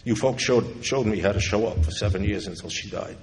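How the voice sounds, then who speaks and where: An AA convention speaker from New York, this low-voiced man tells his recovery story to an audience a little fast, acting out others' lines with wry humor. Recorded in a large convention hall, the audio is echoey with faint ambience and slight background noise.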